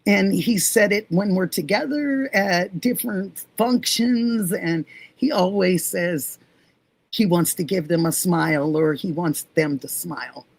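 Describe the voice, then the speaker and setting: A woman's voice: lowish voice, a little slow, slightly rough, no room sound. A middle-aged woman hosting a casual livestream, chatting fondly with viewers and greeting them by name. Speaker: livestream host. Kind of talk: casual livestream chat reading comments.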